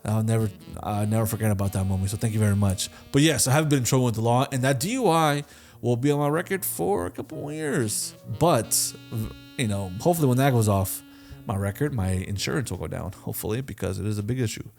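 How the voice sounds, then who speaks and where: A man's voice: medium pitch, quick pace, gravelly, a little mellow, soft background music. A man in his twenties, co-hosting a podcast, tells stories in a loose, casual way that is full of swearing, fillers and restarts, and he briefly acts out the other people in them. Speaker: podcast co-host answering listener questions. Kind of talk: casual storytelling.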